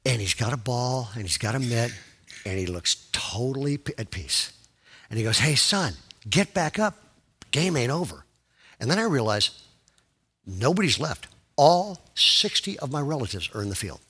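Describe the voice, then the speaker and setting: A male pastor telling a story in a sermon, animated, dropping to a hush and rising to loud excitement. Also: mid-range voice, moderate pace, husky.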